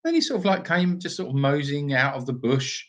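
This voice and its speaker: Lively man chatting casually. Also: a little high, a little fast. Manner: animated, rambling storytelling. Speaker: sanctuary co-host. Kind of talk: casual live-stream chat.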